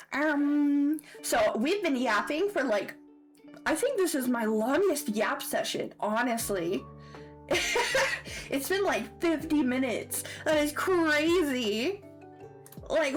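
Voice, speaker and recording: A woman with a Southern American accent chatting casually on a livestream, playful and giggly with squealy outbursts. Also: sits high. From Southern United States. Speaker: streamer.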